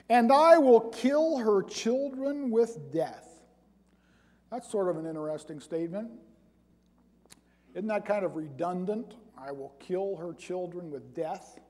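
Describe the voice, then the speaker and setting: High-voiced preacher in a reverberant hall. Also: male voice. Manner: reads scripture aloud, then rises to loud emphatic points. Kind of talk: sermon.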